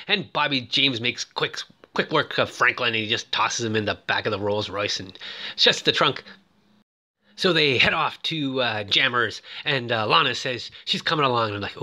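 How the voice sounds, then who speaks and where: A man retelling a movie plot in a casual, excitable way, with many fillers and quick put-on voices for the characters. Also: mid-range voice. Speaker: film recap presenter.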